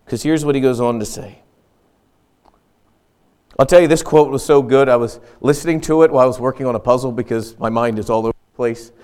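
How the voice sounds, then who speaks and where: A man's voice: medium pitch, fairly quick, darkish tone, smooth. A middle-aged man preaching a sermon as pastor in a church, talking in an earnest, conversational way and repeating key phrases for emphasis.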